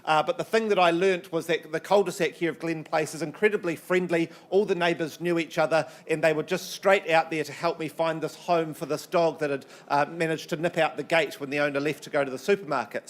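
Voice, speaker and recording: A New Zealand man in his thirties runs a live property auction in a fairly high voice. He chats with jokes and plenty of "uh" before moving into quick bid calling. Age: 30s. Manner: chatty and joking, many "uh" fillers, rising to brisk bid calling. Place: auction room.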